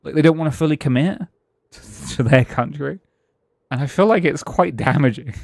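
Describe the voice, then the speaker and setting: A man's voice: a little high, moderate pace, gravelly, a little mellow, dry recording, studio quality. A British man streaming a game and musing aloud in casual chat, with frequent chuckles and restarted sentences. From Britain.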